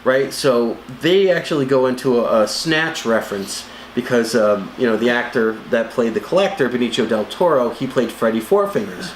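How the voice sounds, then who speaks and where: A man co-hosting a casual movie review, animated, jumping into high voices to act out scenes. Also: normal speed, few pauses. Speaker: co-host of a movie review show. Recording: echoey room with faint noise.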